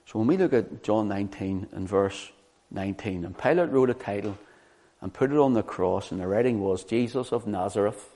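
A man preaching a sermon, teaching from the Bible in an animated way and often asking the listeners rhetorical questions. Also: on the low side, normal speed.

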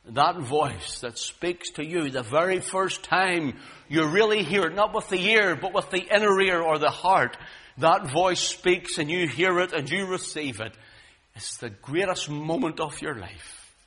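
A man's voice: measured pace, slightly rough. Dramatic man preaching a sermon. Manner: dramatic, swinging from booming to hushed.

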